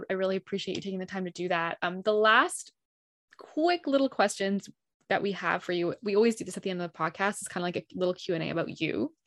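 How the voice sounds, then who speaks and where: A woman's voice: mid-range voice, fairly bright tone, no room sound, studio quality. A woman hosting a podcast, asking questions in a friendly, casual way. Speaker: podcast host. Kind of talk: casual interview chat.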